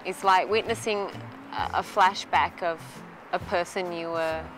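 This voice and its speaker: A woman, an actress, musing in a halting way in a behind-the-scenes interview. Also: fairly low pitch, fairly even intonation, rough recording. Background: background music.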